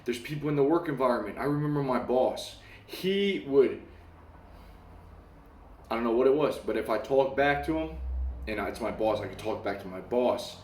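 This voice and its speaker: Animated young man telling a story. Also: medium pitch, moderate pace, a little hiss or hum. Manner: animated, acts out voices and laughs, swears casually. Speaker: self-help talker. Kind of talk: casual storytelling monologue. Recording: echoey room.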